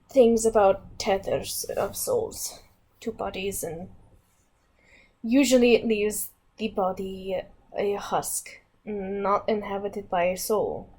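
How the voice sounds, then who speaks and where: A woman's voice: medium pitch, darkish tone. A woman voicing a hesitant adventurer with half-remembered book learning, rambling with fillers.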